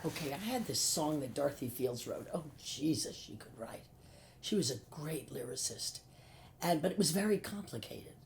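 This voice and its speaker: An older woman guest on a talk show spins backstage stories with theatrical flair. Her voice is gravelly and sits fairly low, and she slips into little voices for the people in her tales. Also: slight background noise. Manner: lively anecdotal storyteller, acts out quotes. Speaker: guest actress. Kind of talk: storytelling chat.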